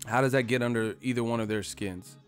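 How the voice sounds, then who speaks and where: A man's voice: medium pitch, brisk, soft background music. A man hosting a casual live stream, rambling and swearing freely and laughing often.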